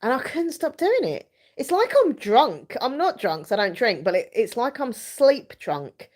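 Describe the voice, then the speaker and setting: A woman's voice: on the high side, big pitch swings, a little slow, darkish tone. A young woman hosting a casual live chat from home, rambling and giggling as she reads viewers' comments. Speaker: live stream host.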